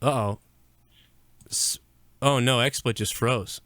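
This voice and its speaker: A man's voice: mid-range voice, takes it slowly, fairly bright tone, clean tone, no echo. A man co-hosting a live-streamed podcast in casual, crude banter, from the US Northeast. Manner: crude, profane, laughing banter. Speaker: podcast co-host.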